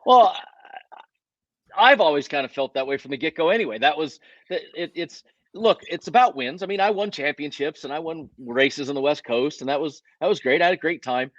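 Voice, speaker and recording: A man, a racing driver, telling stories in a casual interview, talking in an animated way with lots of restarts and self-corrections. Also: a little high, fairly quick, dry recording, highs cut off.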